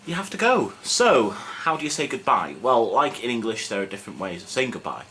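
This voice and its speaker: A man's voice: mid-range voice, brisk. Chatty man teaching greetings. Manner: relaxed, self-mocking, chatty with many fillers. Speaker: Welsh language teacher. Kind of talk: casual video lesson. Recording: faint background noise.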